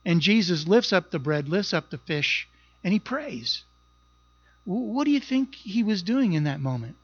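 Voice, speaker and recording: A man's voice: high-pitched, sing-song, moderate pace, husky, no room sound, muffled recording. A pastor preaching a sermon, earnest and emphatic, often repeating words as he goes.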